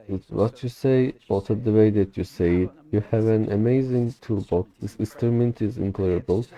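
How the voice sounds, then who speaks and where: A young man whose first language is Turkish recites a recorded speech in English to practice. His voice sits fairly low and sounds soft and mellow. He speaks deliberately, mimicking the original's stresses and stumbling now and then. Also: poor audio. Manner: careful, deliberate recitation with mimicked emphasis and occasional slips. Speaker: language learner. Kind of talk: shadowing a recorded talk aloud.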